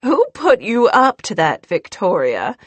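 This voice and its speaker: A woman's voice: medium pitch, animated, slow pace, no echo. A woman voicing a stern, cold elderly grandmother who speaks in an icy, clipped way. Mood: angry.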